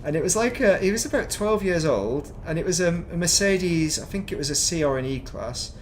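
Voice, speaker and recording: Rambling and chatty, a middle-aged northern English man makes fun of himself as he streams a space game. His fairly high voice moves briskly with lively intonation, and there's slight background noise.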